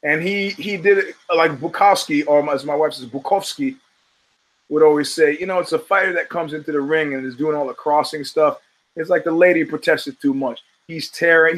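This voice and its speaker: An American man in his fifties hosts a podcast, ranting about fight results with heavy profanity and rambling asides. His delivery is emphatic and digressive, in a fairly high-pitched voice with a fairly bright tone. The recording quality is rough.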